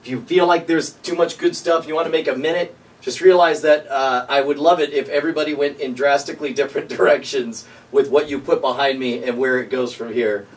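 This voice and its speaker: A man chatting casually on set, relaxed and joking as he thinks aloud. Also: mid-range voice, brisk, distant mic. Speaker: comedic performer. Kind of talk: casual behind-the-scenes chat.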